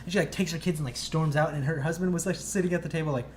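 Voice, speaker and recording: A man's voice: on the high side, rapid-fire. Young male podcast co-host, profane rambling storyteller, faint room hum. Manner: rambling, profane, animated retelling. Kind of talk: casual storytelling chat.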